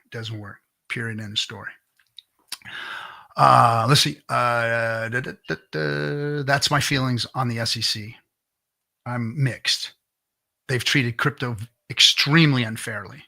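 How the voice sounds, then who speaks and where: A man's voice: mid-range voice, gravelly, sharp tone, husky. A middle-aged man hosting a casual livestream, ranting bluntly with lots of swearing and restarts, reading chat comments. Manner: blunt, profane, restarts often.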